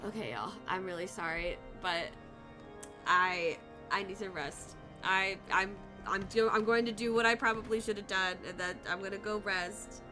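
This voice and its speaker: A woman's voice: mid-range voice, normal speed, music in the background. A young woman streaming a game, talking casually to her chat in a sick, congested voice, tired and apologetic as she holds back a cough. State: fighting a cough. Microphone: desk mic, no camera.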